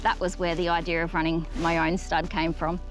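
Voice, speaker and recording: A young woman with an Australian accent speaks in a low-set voice, explaining her farm work plainly and without fuss. She is outdoors in a paddock, recorded for a rural documentary. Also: little pitch movement, brisk, soft background music, low-quality recording. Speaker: goat breeder.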